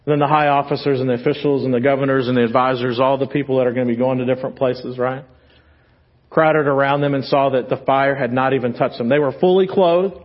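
A man with a Texan accent preaching a sermon as pastor, animated and then dropping to quiet emphasis. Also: mid-range voice, fast talker, highs cut off. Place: church sanctuary.

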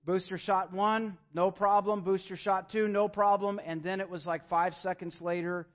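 Man, young, pastor, sermon, earnest, emphatic, high-pitched voice, muffled recording. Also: level tone, moderate pace. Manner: earnest, rising to emphatic pleading then dropping soft. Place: church sanctuary.

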